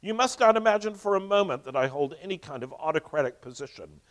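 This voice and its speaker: A man's voice: on the high side, expressive, quick pace, pitched above the performer's own voice, close to an everyday voice. A man doing a vague, rambling old official. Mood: evasive. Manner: rambling, noncommittal, wordy. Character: vague evasive elderly male official.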